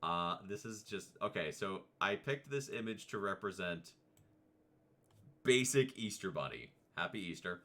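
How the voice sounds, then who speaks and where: A man's voice: sits low, lively intonation, unhurried, pushed and bright. A man hosting a casual tier-list video, rambling and chatty with playful asides. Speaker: vtuber host.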